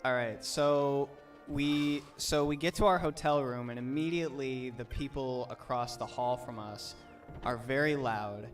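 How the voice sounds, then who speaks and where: A young man co-hosting a game stream, talking in an animated, rambling way. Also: mid-range voice, unhurried, hardly any pauses, distant mic. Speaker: streamer co-host. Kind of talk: casual storytelling on stream. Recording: stream with faint game music.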